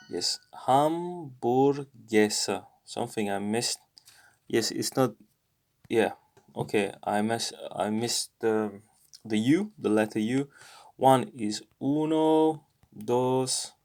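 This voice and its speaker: Man, even mid voice, unhurried; learner narrating his own lesson, hesitant, lots of fillers. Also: mid-range voice. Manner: halting, thinks aloud with many fillers; repeats app phrases slowly. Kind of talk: casual self-study commentary.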